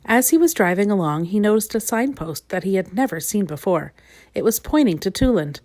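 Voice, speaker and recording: A woman reading a children's storybook aloud in a gentle, expressive way. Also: medium pitch, fairly quick.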